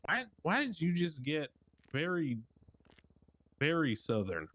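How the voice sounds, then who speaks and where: A man's voice: a little high, big pitch swings, slow, fairly bright tone. A man playing a judge in a roleplay court, questioning people sternly and probing them. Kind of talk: in-character roleplay banter.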